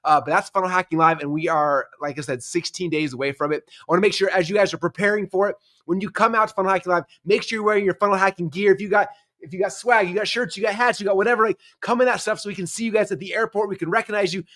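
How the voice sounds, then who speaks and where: A male host in his forties talks up an event in quick, bubbly, casual bursts. His voice sits high for a man and he keeps dropping in fillers as he goes. The pace rarely lets up. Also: a bit bright. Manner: upbeat, fast, filler-heavy casual talk. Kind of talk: enthusiastic event promo chat.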